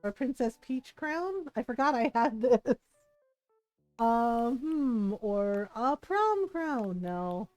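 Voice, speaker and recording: A woman streamer thinks aloud as she plays, in an unhurried, chatty way with frequent laughs. Her voice sits a little high. The mic is close and dry, with faint game music behind. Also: lively intonation, darkish tone, no echo, rough recording. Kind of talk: casual livestream chat.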